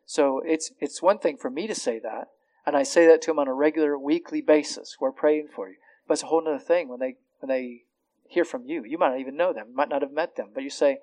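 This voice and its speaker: A man's voice: fairly high pitch, quick pace, darkish tone, dry recording, poor audio. A man preaching a sermon as a pastor, earnest, often repeating words as he starts a phrase.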